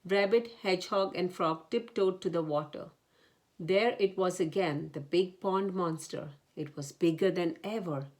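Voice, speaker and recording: Slow, low-voiced woman reading a storybook. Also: a little mellow. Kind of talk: reading a children's picture book aloud.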